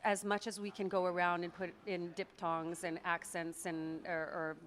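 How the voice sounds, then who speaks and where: A woman with a Canadian accent speaks as an accent coach, walking through pronunciation step by step. She sounds out sample words as she goes and laughs easily. Her voice sits on the lower side. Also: flat delivery, moderate pace. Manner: explanatory, demonstrates words aloud, laughs often. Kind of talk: interview answers.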